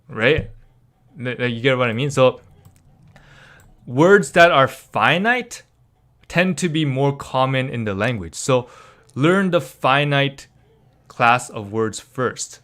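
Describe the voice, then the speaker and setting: A man's voice: mid-range voice, animated, unhurried, a bit bright. Chatty rambling young man teaching. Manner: rambling, filler-heavy, chatty with laughs. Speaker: language teacher streaming a lesson. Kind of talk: casual live-stream lesson.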